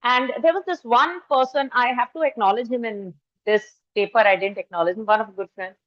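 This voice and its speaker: Indian English woman trainer, high voice, chatty storytelling lecture, muffled lo-fi sound. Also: brisk. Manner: storytelling, switches into Hindi, addresses the audience directly. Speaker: faculty trainer. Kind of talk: anecdotal lecture. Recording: dull lo-fi recording.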